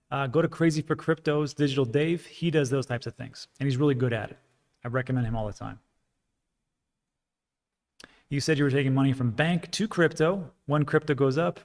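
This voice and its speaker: A man hosting a casual livestream, chatting frankly and rambling as he reads out viewer comments, with frequent fillers. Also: medium pitch. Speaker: crypto livestream host.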